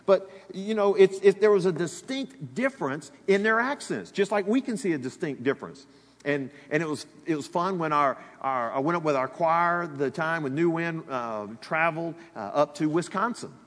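Speaking at a moderate pace in a slightly high voice, this Alabama pastor delivers a conversational sermon straight to his congregation, full of animation and side remarks. A large hall's long reverb surrounds him.

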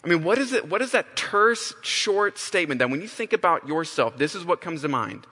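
A man's voice: a little high, expressive, brisk, pushed and bright, husky. A man preaching a sermon, emphatic, often restarting and repeating phrases. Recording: long hall reverb.

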